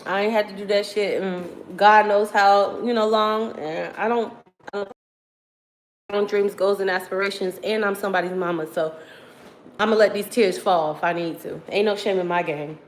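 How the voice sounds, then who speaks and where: A woman's voice: medium pitch, fairly even intonation, normal speed, a little hiss or hum. Tired thirty-something woman chatting candidly. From Virginia. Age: 30s. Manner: candid, slangy, talks straight to chat. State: tired after crying. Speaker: livestreamer reading viewer comments. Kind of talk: casual live stream chat.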